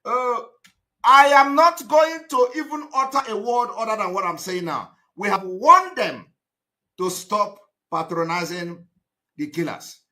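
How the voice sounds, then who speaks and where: A man giving a live broadcast monologue, emphatic and repetitive, breaking into shouted outbursts. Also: high voice, lively intonation, unhurried. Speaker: activist broadcaster.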